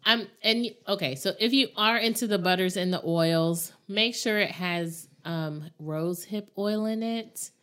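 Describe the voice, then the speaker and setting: A woman's voice: medium pitch, a little slow, hardly any pauses, fairly bright tone, smooth. A pregnant woman co-hosting a podcast with her sister, talking casually and rambling with frequent laughs. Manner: chatty, rambling, laughs often. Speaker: podcast co-host.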